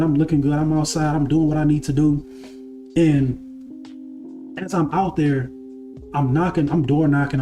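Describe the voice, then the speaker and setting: Male creator, mellow voice sitting a bit high, casual storytelling, soft music under him. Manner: conversational, repeats phrases, asks listeners if they follow. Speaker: spiritual content creator and card reader. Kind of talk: casual personal storytelling to camera.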